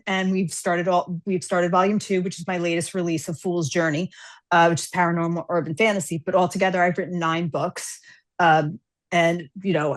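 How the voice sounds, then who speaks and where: A woman guest author chatting casually on a podcast, telling stories with lively acted-out dialogue. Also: lowish voice. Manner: animated storyteller, acts out characters' lines.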